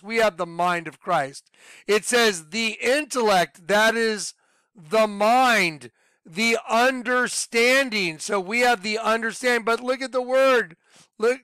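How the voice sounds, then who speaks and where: Excitable high-voiced man preaching. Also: clean tone, no room sound. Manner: excitable, rambling, laughs at his own points. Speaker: online preacher. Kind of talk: informal video sermon.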